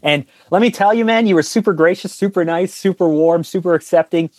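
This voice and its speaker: A man's voice: high-pitched, a little fast, darkish tone, dry recording. A man who is a guest on a podcast, chatting in a friendly, teasing way. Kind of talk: casual conversation.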